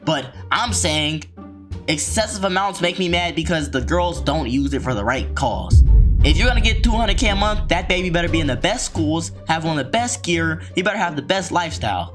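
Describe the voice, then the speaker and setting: A man's voice: fairly high pitch, fairly bright tone. A man hosting a reaction video, ranting in slangy, riled-up commentary and mocking people in put-on voices.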